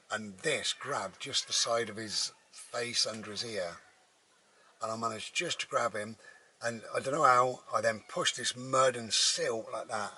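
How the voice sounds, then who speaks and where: A man's voice: mid-range voice, pushed and bright, a little hiss or hum, low-quality recording. A man, a vlogger, telling a personal story in a rambling, casual way with many restarts. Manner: rambling, with frequent restarts and fillers.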